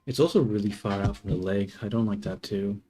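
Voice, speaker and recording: A man's voice: fairly low pitch, brisk, warm tone, soft background music. A young man streaming his 3D modeling work, thinking aloud in casual chatter, trailing off and correcting himself as he goes. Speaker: livestreamer doing 3D modeling.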